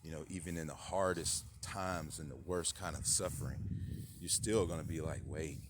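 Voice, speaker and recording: A man's voice: moderate pace, background noise. A man hosting his own channel, talking in a rambling monologue full of fillers and sudden outbursts. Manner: rambling, many fillers, bursts into loud high-pitched mock voices. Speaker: channel host.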